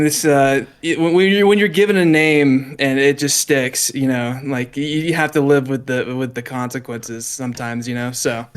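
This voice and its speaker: A man's voice: medium pitch, smooth. A young man raised in the South, chatting on a podcast as a guest, rambling with many restarts. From American South. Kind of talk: casual chat.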